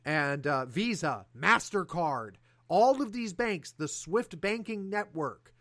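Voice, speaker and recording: A man with a somewhat high voice gives political commentary as a talk show host. He is sarcastic and animated, and he restarts his sentences often. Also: slow. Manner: animated, sarcastic, talks through restarts and fillers. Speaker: podcast host.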